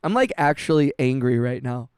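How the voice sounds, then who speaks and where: A man streaming music production, chatting casually with his chat, halting and heartfelt, often restarting and swearing with lots of "bro" and "dude". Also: medium pitch, animated, a little mellow, smooth, no room sound, studio quality. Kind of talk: casual livestream chat, reading chat messages.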